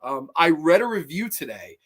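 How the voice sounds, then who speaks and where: A man hosting a casual live-streamed horror movie review, excitable and profane, with lots of fillers. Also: fairly high pitch, normal speed, slightly rough.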